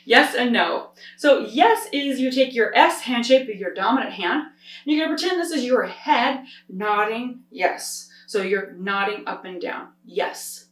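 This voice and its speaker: A woman's voice: fairly high pitch, lively intonation, unhurried, a bit bright. A woman sign language teacher explaining step by step in an upbeat, demonstrative way. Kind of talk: instructional explanation. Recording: roomy sound, distant from the mic.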